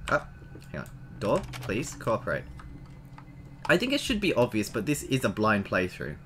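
A man narrating his own playthrough in a casual, chatty way, his voice leaping wildly up and down as he exclaims at each discovery. His tone is bright and sharp, and he talks straight to his viewers. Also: on the low side, wildly swooping pitch, moderate pace, a little hiss or hum. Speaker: let's play gamer. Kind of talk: casual game commentary.

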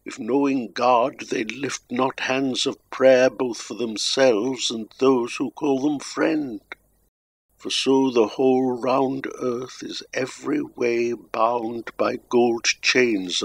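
A man voicing a dying old king bidding farewell, in a grave and sorrowful way. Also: medium pitch.

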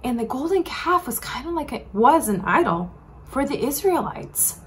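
A woman's voice: high-pitched, normal speed, a little hiss or hum. A woman teaching a children's sermon, telling a Bible story casually and asking the kids questions. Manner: animated, asks children questions; casual, says "like" often.

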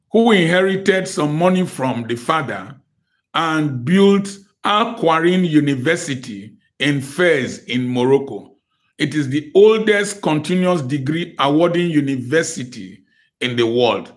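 Older man, guest lecturer, preacherly, emphatic, slightly high voice. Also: animated, a little slow. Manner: emphatic, preacherly, with repeated phrases. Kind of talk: motivational lecture.

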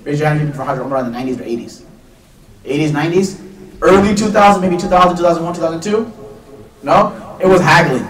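Guy teaching a religious class, talks quick, kinda high voice, echoey hall mic way off. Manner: chatty storyteller, quick asides. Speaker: Islamic teacher. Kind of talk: live religious lecture with anecdotes. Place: lecture hall before an audience. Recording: echoey room, mic far off.

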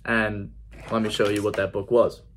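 A man's voice: fairly low pitch, level tone, moderate pace, a little hiss or hum. A man giving an earnest personal faith testimony in a conversational vlog style, repeating key phrases for emphasis. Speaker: faith vlogger.

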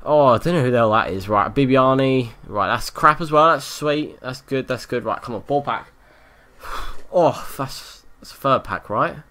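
A man giving live gameplay commentary, excitable, swearing often and yelling at the game. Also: medium pitch, normal speed. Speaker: gaming YouTuber.

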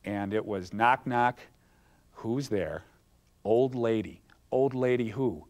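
A man's voice: lowish voice, slow, darkish tone. A man in an interview, fondly recalling a childhood TV show through anecdotes. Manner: fond, anecdotal. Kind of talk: reminiscing interview.

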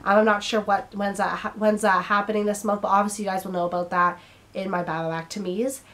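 A woman's voice: mid-range voice, level tone, quick pace, fairly bright tone. Young woman with a strained throat. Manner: chatty, rambling, some stumbling over words. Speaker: book vlogger. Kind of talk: casual chat to camera.

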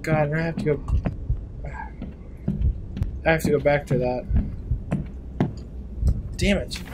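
A man talking through a horror game in a slightly high voice, half muttering and swearing under his breath whenever something startles him. Game sounds carry clearly beneath his voice. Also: fairly even intonation, slow pace, background noise. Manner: jumpy, mutters to himself, swears when startled. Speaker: gameplay YouTuber. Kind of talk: horror game let's play commentary.

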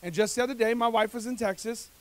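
A male pastor preaching a conversational sermon at a church service, energetic, joking with the congregation and asking rhetorical questions, often repeating words as he speeds up. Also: very high voice, quick pace.

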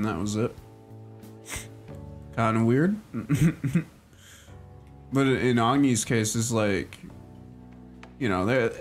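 A man casually chatting and rambling as he streams a game, full of fillers and quick laughs. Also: medium pitch. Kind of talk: casual gaming commentary. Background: game music.

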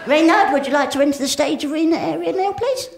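This stand-up comedian talks fast in a high-pitched, gravelly voice, rambling cheekily and speaking directly to her audience. It's recorded live in an echoey room where the crowd laughs and makes noise.

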